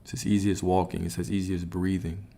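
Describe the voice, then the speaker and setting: Deep-voiced man giving spiritual coaching. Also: little pitch movement, fast, gravelly, warm tone, slight background noise. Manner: repetitive, emphatic, frequent "right?" tags. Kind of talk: motivational livestream talk.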